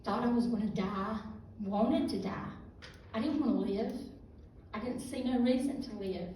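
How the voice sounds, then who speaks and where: Middle-aged woman, mellow dark voice, emotional testimony, echoey hall, mic a ways off. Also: on the high side, a little hiss or hum. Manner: slow, halting, emotional. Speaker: guest speaker at a church youth service. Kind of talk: personal testimony. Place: church hall. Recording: echoey room heard from a distance.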